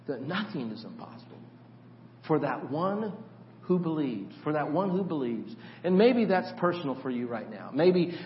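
A man preaching a sermon as the church pastor, asking the congregation questions and repeating words as he starts sentences. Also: a little high. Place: church sanctuary. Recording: dull echoey church hall recording.

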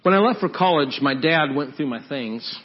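A man's voice: a little high, animated, moderate pace, highs cut off. A man preaching as a pastor, earnestly pleading and leading the congregation in prayer during an altar call.

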